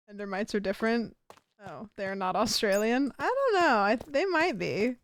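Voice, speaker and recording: A woman's voice: a little high, animated, moderate pace. A young adult woman streamer chatting casually during gameplay, goofy and joking with rambling asides. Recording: noisy game stream audio.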